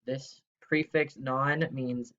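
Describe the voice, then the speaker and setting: A man's voice: medium pitch, steady tone, slow pace, a bit bright, highs cut off. Upbeat man teaching third grade online. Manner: upbeat, playful, exclamatory. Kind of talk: recorded remote grammar lesson.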